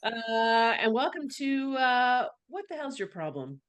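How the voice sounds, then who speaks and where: A woman's voice: on the high side, big pitch swings, unhurried, smooth. A Canadian woman co-hosting a podcast, dry and sarcastic in casual chat. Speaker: podcast co-host.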